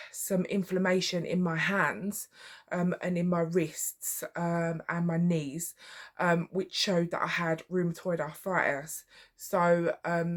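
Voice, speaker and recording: A woman doing her makeup while she tells a personal story to camera, rambling with many fillers and restarts. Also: on the low side. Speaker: vlogger.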